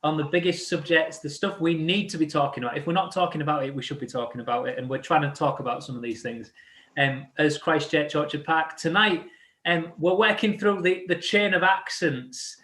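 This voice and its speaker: A man hosts a church live-stream chat in a relaxed, joking manner, filling gaps with ums and restarts. His voice sits a little high for a man. The room around him rings with echo. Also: fairly quick. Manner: chatty, jokey, lots of fillers. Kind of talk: casual chat.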